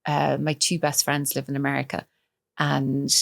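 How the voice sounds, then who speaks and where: A woman in her fifties with a Cork Irish accent, chatting as a podcast guest, laughing often and acting out quick quotes. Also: extremely low pitch, monotone, creaky, no echo. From Ireland. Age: 50s. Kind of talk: casual chat.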